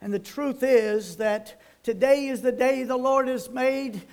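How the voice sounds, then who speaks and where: High-voiced older preacher. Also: male voice, unhurried, a little mellow, clear, resonant tone. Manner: folksy storytelling, emphatic preaching. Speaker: pastor. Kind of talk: sermon.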